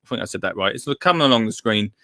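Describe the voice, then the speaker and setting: A man's voice: lowish voice, lively intonation, very fast, gravelly, pushed and bright, no echo, studio quality. A man hosting a live gardening show, chatty and jokey, laughing often. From United Kingdom. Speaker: podcast host. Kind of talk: casual live show chat.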